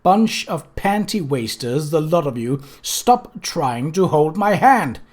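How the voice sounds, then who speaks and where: A reader voicing a gruff, irritable old male servant who gives short, bossy orders in an audiobook reading. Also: mid-range voice, sing-song, slow pace. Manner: curt, bossy, snapping.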